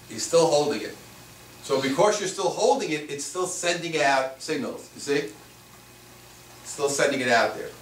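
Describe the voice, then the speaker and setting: A man's voice: medium pitch, a bit bright. A man teaching a workshop to a live audience as a spiritual teacher, repeating his points and asking rhetorical questions. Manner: repetitive, asks rhetorical questions. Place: room with a small live audience. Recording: echoey room, mic far off, faint noise.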